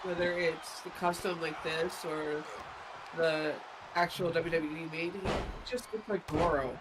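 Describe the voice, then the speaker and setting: A man tossing quick sarcastic quips during casual gaming banter. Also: a little high, fairly even intonation, background noise. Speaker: co-host, gamer. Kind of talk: casual banter over gameplay.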